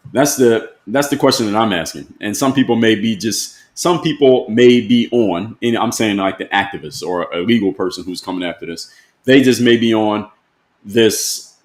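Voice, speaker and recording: A man with a fairly low voice hosts a live-stream and talks his point through in plain, everyday words. He leans on rhetorical questions and keeps asking them again. The sound comes from a room with a clear echo. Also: normal speed. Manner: plain-spoken, argues with repeated rhetorical questions. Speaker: host.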